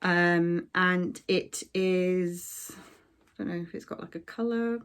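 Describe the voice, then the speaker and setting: A woman's voice: lowish voice, takes it slowly, clear, resonant tone. Casting: young woman, crafting vlogger, easygoing rambling chat full of fillers. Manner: chatty, rambling with many ums and likes. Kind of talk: casual chat.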